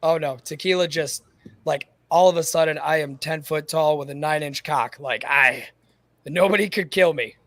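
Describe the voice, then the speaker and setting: Male podcast host, raised pitch, bawdy casual banter, dry close recording. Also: normal speed, a bit bright, dry recording. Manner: crude, joking banter. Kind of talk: casual chat.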